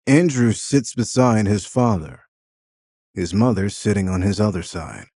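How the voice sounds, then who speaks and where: A man narrating an audio drama in a measured, expressive storytelling manner. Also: on the low side, breathy edge, dry recording, clean studio sound.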